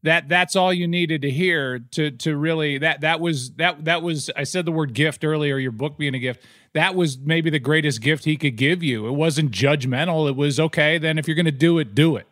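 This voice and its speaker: A man's voice: a little high, normal speed, fairly bright tone, no echo. Reflective male podcast host, dry sound. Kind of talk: casual podcast interview.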